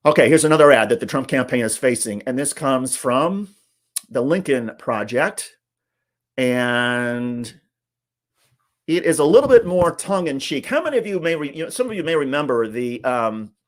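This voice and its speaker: A man's voice: medium pitch, lively intonation, moderate pace. Indignant male political commentator. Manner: indignant and emphatic. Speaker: host.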